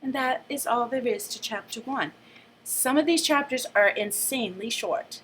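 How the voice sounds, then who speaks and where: A woman teacher reading a book aloud with a lively, shifting delivery, then summing it up casually. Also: fairly high pitch, normal speed, slight background noise.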